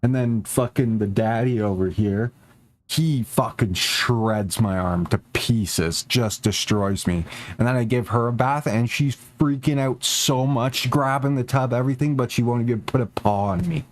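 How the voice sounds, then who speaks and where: A young man streaming a game, chatting casually and rambling, swearing a lot and talking to his cats. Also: a little slow. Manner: rambling, profane, talks to his cats in a high baby voice.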